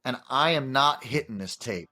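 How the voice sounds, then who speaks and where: A man's voice: mid-range voice, normal speed. A man, a guest actor, telling a story in casual chat. He restarts a lot and acts out what people said. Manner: animated storyteller, many restarts, acts out quotes.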